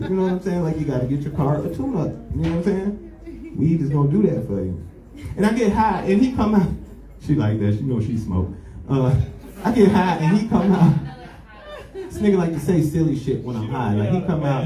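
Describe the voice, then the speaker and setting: A man performing stand-up, rambling through profane stories packed with filler and side remarks. His voice carries through a roomy club, set back from the mic. An audience laughs and claps loudly around him. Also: on the high side, big pitch swings, a little fast, distant mic. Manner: loose, profane storytelling with lots of filler. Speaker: stand-up comedian. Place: comedy club stage with a live audience. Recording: roomy live club recording with crowd. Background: audience laughing and clapping.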